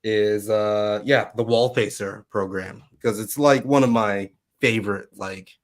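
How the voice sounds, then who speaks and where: A man co-hosting a podcast, musing with pauses and fillers. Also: lowish voice, steady tone. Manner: thoughtful, hesitant with fillers. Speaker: podcast co-host. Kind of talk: casual chat.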